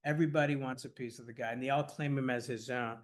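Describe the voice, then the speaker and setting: A man speaking at a scholarly workshop, telling stories in an enthusiastic, rapid, conversational way full of "like" and "you know", sometimes laughing as he goes. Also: medium pitch, steady tone. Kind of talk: animated conversational lecture.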